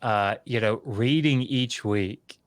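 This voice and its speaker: A middle-aged man in relaxed conversation, telling a long personal story with many fillers and restarts, livening up when he quotes others. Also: mid-range voice, slow pace, no room sound. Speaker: podcast guest, scholar.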